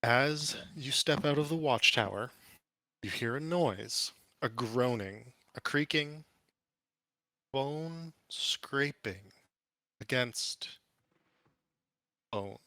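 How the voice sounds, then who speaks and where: Guy running a tabletop game, bright tone, dry close sound, slows down for drama. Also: mid-range voice, animated, no room sound. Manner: dramatic, drawn-out descriptions. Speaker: game master.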